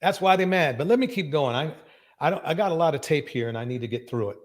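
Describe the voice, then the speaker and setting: Male livestream reaction host, fairly high-pitched, emphatic, repetitive. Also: animated, quick pace. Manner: emphatic, repeats phrases, loud bursts of agreement. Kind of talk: live reaction commentary.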